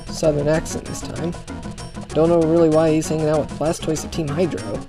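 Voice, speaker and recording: A man's voice: on the high side, flat delivery, normal speed. Male let's-player, casual and wry, faint game music underneath. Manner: sarcastic, joking asides. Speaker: let's play host. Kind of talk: casual game commentary, reading game text aloud.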